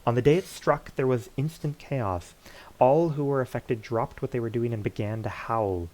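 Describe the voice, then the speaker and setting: A man's voice: medium pitch, moderate pace, darkish tone, natural voice, rough recording. A man reading aloud the lines of an elemental air dweller who is fighting off madness, in a grave way. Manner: grave, reads the text aloud.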